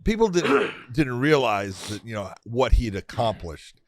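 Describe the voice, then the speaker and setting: A man's voice: medium pitch, big pitch swings, unhurried, no room sound, studio quality. A man co-hosting a podcast in casual chat, agreeing emphatically and telling stories about fighters he trained. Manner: emphatic, agrees often, laughs.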